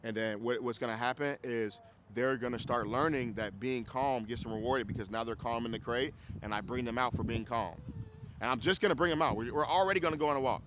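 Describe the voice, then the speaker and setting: Blunt Chicago dog trainer, casual and salty. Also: male voice, medium pitch, brisk, background noise. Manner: casual, blunt, swears, keeps asking if you follow. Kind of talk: group class teaching. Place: dog training class with dogs around.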